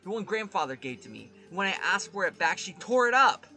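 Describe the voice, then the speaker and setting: A man's voice: sits high, very animated, fairly quick, sharp tone, faint music behind, pitched above the performer's own voice, heavily acted. A man voicing a spoiled teenage boy who defends himself with self-righteous defiance. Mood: defiant.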